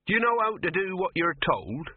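A man voicing a gruff, teasing old male cameraman. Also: sits high, big pitch swings, moderate pace, slight background noise, voice pushed up. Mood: knowing. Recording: tinny phone-like dry recording.

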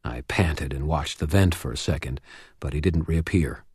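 A man reading first-person fiction as an audiobook narrator, measured and dramatic. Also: a bass voice, darkish tone, breathy edge, dry recording, clean studio sound.

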